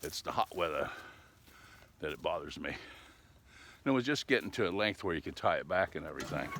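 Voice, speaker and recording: A middle-aged vlogger with an extremely low, expressive voice talks fairly quickly over background noise while out walking his dogs. His casual chat is folksy and meandering, and he often ends lines with "eh?"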